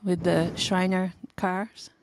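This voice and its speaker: A woman's voice: fairly low pitch, level tone, slow, slight background noise. A middle-aged woman co-hosting a podcast, joking about her own forgetfulness and asking short questions. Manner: forgetful, self-mocking, asks short questions. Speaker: podcast co-host. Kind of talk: casual chat.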